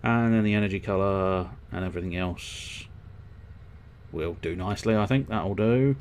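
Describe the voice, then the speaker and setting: A low-pitched man talks through his game in a loose stream of thought and swears now and then. He hosts his own stream in a casual commentary style, with a faint hiss behind him. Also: moderate pace, darkish tone. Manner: thinks aloud while customizing, rambling and swearing. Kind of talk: casual let's-play commentary.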